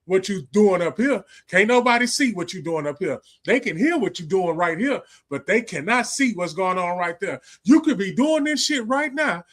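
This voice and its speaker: A man's voice: sits high, expressive, normal speed, few pauses, fairly bright tone. A man, hosting a livestream and giving a casual, preachy monologue full of slang, profanity and repetition. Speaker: livestream host.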